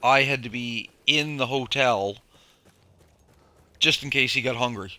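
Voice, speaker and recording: Bright-voiced man telling kitchen stories. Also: mid-range voice, unhurried, dry recording. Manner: rambling, profane anecdotes with acted quotes. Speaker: former chef telling stories. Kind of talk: casual storytelling chat.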